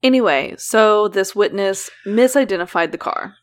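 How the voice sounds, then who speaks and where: A woman's voice: mid-range voice, normal speed. A woman co-hosting a casual true-crime podcast, asking quizzical follow-up questions. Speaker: podcast co-host.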